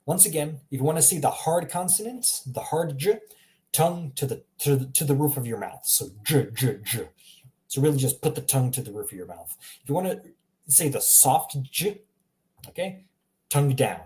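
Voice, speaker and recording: A man's voice: a little high, expressive, quick pace, mellow. A man giving a casual recorded language lesson, chatty and repetitive, often laughing at himself. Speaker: language teacher.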